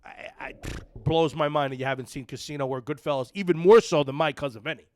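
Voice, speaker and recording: A man hosting a podcast, loud, excitable and cursing freely in casual chat. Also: a little high, fast talker, no room sound. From New Jersey. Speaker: podcast host.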